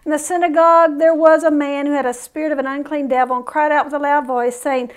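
Bible teacher, female, high-pitched, folksy and chatty between readings. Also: fairly even intonation, a little fast, hardly any pauses. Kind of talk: Bible study reading scripture with casual asides.

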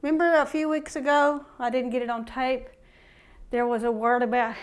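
A woman giving an informal recorded sermon, impassioned and building from quiet reflection to fervent exhortation. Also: sits high, little pitch movement, normal speed, clear, resonant tone. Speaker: preacher.

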